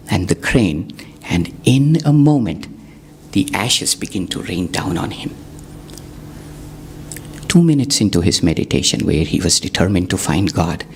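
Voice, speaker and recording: A man's voice: mid-range voice, a little hiss or hum. A man telling a spiritual story to a gathering, conversational, asking the audience questions and adding wry asides. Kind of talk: satsang storytelling talk.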